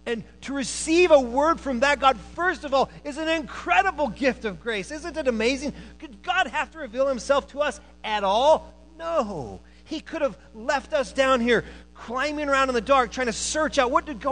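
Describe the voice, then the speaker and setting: High-voiced animated male preacher. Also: moderate pace, hardly any pauses, slight background noise, rough recording. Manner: animated, swings between loud emphasis and quiet asides. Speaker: preacher and college teacher. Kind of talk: sermon.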